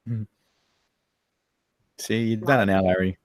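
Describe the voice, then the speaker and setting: A man's voice: on the low side, fairly even intonation, a little slow, dry recording, studio quality. An Australian man chatting casually on a livestream, joking around, swearing freely and mimicking people he quotes. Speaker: guest co-host.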